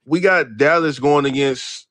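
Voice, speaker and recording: Speaking unhurriedly in a medium-pitched voice with no echo, a man hosts a late-night sports stream. His casual talk to live chat is brash, animated, and full of swearing as he reads and answers messages.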